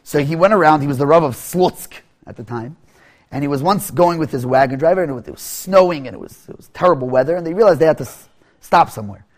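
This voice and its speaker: A man telling a teaching story, often halting, repeating words and restarting. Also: on the high side, expressive. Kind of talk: storytelling lesson.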